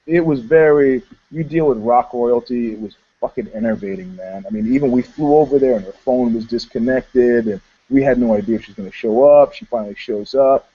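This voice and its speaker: Animated man telling stories, lo-fi sound. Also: mid-range voice, fairly quick, few pauses. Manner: animated, laughing storyteller. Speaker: podcast co-host. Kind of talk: casual chat.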